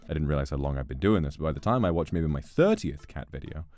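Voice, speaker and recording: A male streamer giving casual gameplay commentary, animated, laughing and swearing often. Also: extremely low pitch, fast, faint music behind.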